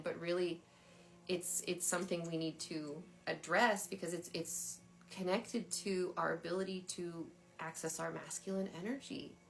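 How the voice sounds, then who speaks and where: A woman's voice: lowish voice, a bit bright. A woman in her thirties hosting a casual spiritual livestream, chatty with frequent laughter and lots of filler words, talking into a phone. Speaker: spiritual dowsing host.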